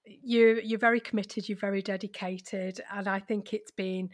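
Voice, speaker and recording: A woman hosting an interview, asking gentle and encouraging questions. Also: mid-range voice, steady tone, moderate pace. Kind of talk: conversational interview.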